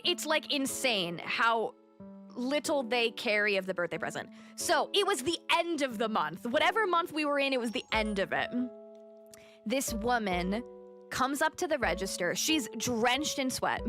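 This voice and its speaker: A woman's voice: a little high, lively intonation, normal speed, over music. A woman livestreamer chatting casually and animatedly, telling a story while she plays and greets her chat.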